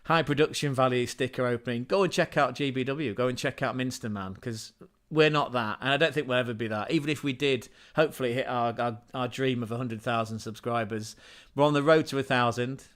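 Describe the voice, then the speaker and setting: A man's voice: medium pitch, brisk, hardly any pauses, fairly bright tone. A man hosting his own livestream in a casual, rambling way, scatterbrained and self-deprecating, often restarting his sentences and chuckling as he digresses. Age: adult parent. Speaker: channel host and livestreamer.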